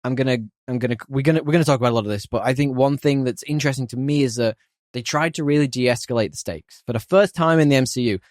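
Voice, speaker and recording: A man talks through a film review in loose, casual podcast chat, getting animated as his opinions build. His voice sits in a middle register and is recorded close and dry. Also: mid-range voice, fast, no room sound. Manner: animated, opinionated, laughs often. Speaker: podcast host.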